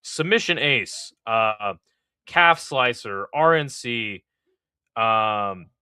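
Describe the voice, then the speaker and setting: A man's voice: medium pitch, lively intonation, very slow, sharp tone, smooth, no echo, clean studio sound. A man hosting a live fight-picks stream, talking loosely and profanely while thinking aloud with lots of fillers. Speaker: podcast host giving fight picks. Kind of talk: casual live-stream chat.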